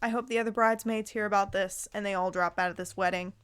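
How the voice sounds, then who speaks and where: A woman's voice: mid-range voice, fairly even intonation, fast, a bit bright, clean tone. A woman vlogger who reads online posts aloud and reacts to them in a blunt, heated way, swearing freely in casual talk full of fillers. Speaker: commentary vlogger.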